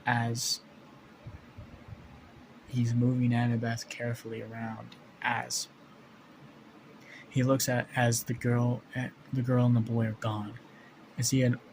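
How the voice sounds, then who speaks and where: A man telling an improvised fan story in a mid-pitched voice. He rambles, restarts sentences and swears casually. A faint hiss of ambient noise sits under the recording. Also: completely flat delivery, slow, gravelly, pauses often, darkish tone, poor audio.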